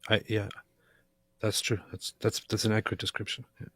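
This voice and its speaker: A man's voice: fairly low pitch, flat delivery, brisk, a bit bright, husky, dry recording, studio quality. A man co-hosting a casual livestream, drawling and wry, repeating himself as he agrees with his partner. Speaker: co-host on a livestream.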